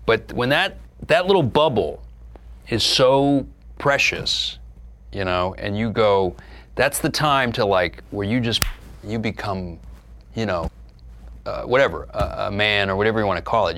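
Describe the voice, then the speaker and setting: Middle-aged man with a low, animated voice. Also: unhurried. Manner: animated, profane, laughing, drifts into soft low musing. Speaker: actor, interview guest. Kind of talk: candid conversational storytelling.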